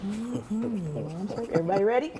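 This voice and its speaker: A woman's voice: mid-range voice, animated, brisk, background noise. Upbeat woman hosting a TV game show. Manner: upbeat, chatty, laughs often.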